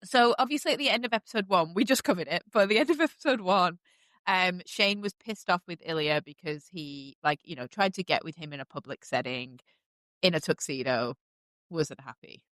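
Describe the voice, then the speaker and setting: Woman podcast host, casual recap chat, enthusiastic, smooth and resonant, dry close sound. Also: fairly low pitch, fairly quick, a bit bright, dry recording. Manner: chatty and enthusiastic, many fillers.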